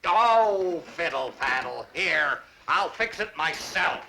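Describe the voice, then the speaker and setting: An actor playing a short-tempered, pompous older neighbor in a 1960s sitcom. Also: male voice, fairly high pitch, animated, slow pace, vocal fry, sharp tone, slight background noise, heavily acted, poor audio. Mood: exasperated. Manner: exasperated, pompous.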